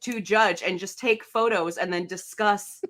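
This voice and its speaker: A woman co-hosting a casual chat show, telling stories in an excited, chatty way. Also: mid-range voice, measured pace. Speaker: co-host.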